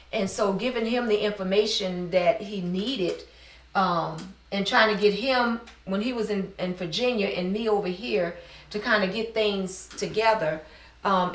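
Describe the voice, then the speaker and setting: A middle-aged woman from New Orleans, telling her personal story in an earnest, heartfelt interview. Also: medium pitch. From New Orleans, USA. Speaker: business owner interviewee. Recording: roomy sound, mic at a distance.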